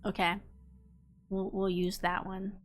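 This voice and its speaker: A woman's voice: mid-range voice, little pitch movement, slow pace, slight background noise. A woman streaming a story game, chatting casually and thinking aloud at a desk microphone as she picks options. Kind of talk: casual gameplay commentary.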